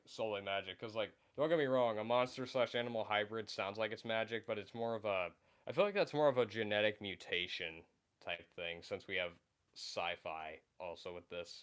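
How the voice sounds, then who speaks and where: Young male streamer, deep, clean voice, loose rambling chat. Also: fairly bright tone, clean tone. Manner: rambling, many fillers and restarts. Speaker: livestream host. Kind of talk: casual livestream chat.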